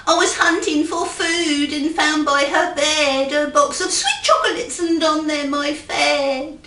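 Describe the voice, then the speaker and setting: A woman's voice: sits high, unhurried, bright, forceful tone, pitched above the performer's own voice. A woman voicing a hungry, frightened goose in a small, wee quacking voice. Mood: frightened pleading. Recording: roomy, distant mic.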